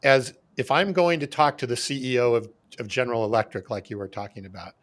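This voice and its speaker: A man's voice: medium pitch, fast talker, a bit bright. A man hosting a sales podcast, reading out a listener comment and thinking aloud, checking his take with the guests. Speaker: podcast host. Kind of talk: casual podcast chat.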